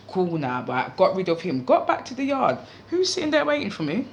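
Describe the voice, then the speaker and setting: A woman's voice: on the low side, a little fast, few pauses, a little hiss or hum. Slangy woman telling a story. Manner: animated, slangy, swears freely. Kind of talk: casual story time.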